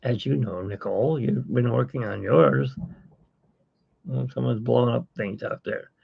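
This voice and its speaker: A man's voice: medium pitch, a little slow, creaky, slightly rough. A man hosting a casual live-stream chat, rambling and self-mocking with corny jokes. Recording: dull lo-fi stream audio.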